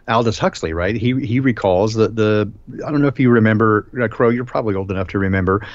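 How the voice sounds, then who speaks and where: A man hosting a live stream discussion, talking in a rambling, emphatic way with many filler pauses. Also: fairly low pitch, no echo. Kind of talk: casual discussion. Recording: dull lo-fi stream audio.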